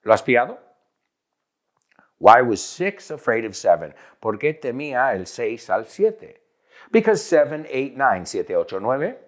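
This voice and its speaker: A man with a Northeastern US accent hosting a playful, energetic English lesson, switching between English and Spanish, with an announcer-style delivery. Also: medium pitch, a little slow. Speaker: English teacher and host.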